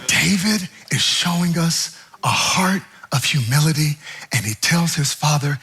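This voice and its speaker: A male preacher delivering a sermon in an animated, humorous style, acting out scenes as he goes. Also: on the high side, measured pace, slightly rough. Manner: animated and humorous, with vivid acted-out asides.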